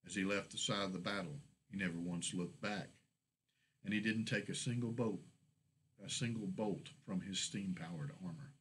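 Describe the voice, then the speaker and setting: A man reading his own fantasy short story aloud in a steady, measured storybook narration. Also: sits low, breathy edge, poor audio.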